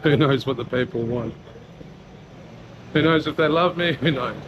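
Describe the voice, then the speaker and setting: A man's voice: a little high, normal speed, dull audio. A man with an Australian accent chatting casually while walking around his area, sincere and loose, leaning on lots of "you know". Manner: relaxed, heartfelt, filler-heavy with frequent "you know". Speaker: vlogger and rapper. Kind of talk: casual walk-and-talk vlog. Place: outdoors in a town street and mall. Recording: noisy outdoor street recording.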